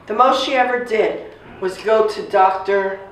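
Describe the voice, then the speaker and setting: A woman in her sixties casually telling a family story, animated and acting out the voices of the people she quotes. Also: mid-range voice, measured pace. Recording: echoey room, distant mic, faint noise.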